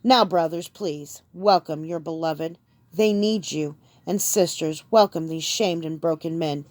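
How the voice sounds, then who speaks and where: A woman's voice: low voice, measured pace, darkish tone, dry recording. A woman narrator voicing a resolute young king giving a rousing speech to his people. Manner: rousing, speech-making delivery.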